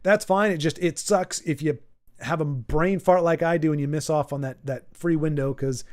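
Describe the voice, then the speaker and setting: A man with a fairly high voice hosts a casual livestream at normal speed. He rambles to his viewers in a self-deprecating way, stumbling and restarting frequently.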